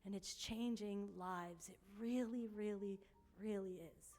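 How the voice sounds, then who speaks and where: An earnest woman speaks to a church congregation as she walks them through slides. Her voice sits at an ordinary middle pitch. Heartfelt, she sometimes sinks almost to a whisper. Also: a little slow, faint music behind. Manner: earnest and heartfelt, with soft hushed moments. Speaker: church member reporting on a mission trip.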